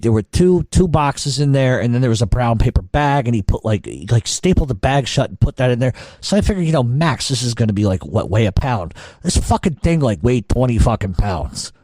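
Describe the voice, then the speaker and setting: A man's voice: medium pitch, expressive, normal speed, a little mellow, no echo, clean studio sound. Rambling, foul-mouthed middle-aged man. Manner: profane, rambling, many restarts. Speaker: podcast storyteller. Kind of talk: casual storytelling.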